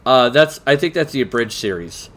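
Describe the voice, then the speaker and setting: A man's voice: mid-range voice, animated, normal speed, a bit bright. Rambling, casually swearing man. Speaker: podcast co-host. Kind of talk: casual chat.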